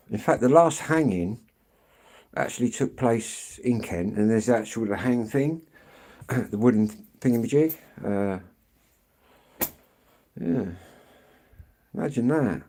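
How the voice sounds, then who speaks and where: English guy, live-stream walk-and-talk, rambling and chatty, mid-pitched, keeps clearing his throat. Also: animated, slow, long pauses, warm tone, slight background noise. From England. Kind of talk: casual live-stream chat answering viewers. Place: outdoors on an evening street walk.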